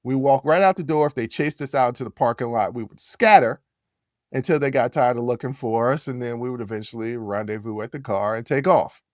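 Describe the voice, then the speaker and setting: A man hosting a podcast, telling a story in a casual, animated way, repeating phrases and jumping his voice up when he gets worked up. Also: a little fast, no echo, clean studio sound. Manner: animated, repeats phrases, jumps to high yells when quoting. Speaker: podcast host.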